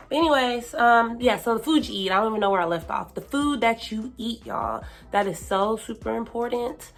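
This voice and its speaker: A woman talks straight to camera, handing out self-help advice in a loose, chatty way with plenty of fillers. Her voice sits a little high, and there is faint music under it. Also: fairly quick, hardly any pauses. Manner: chatty, lots of fillers, hypes herself up. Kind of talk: casual advice monologue.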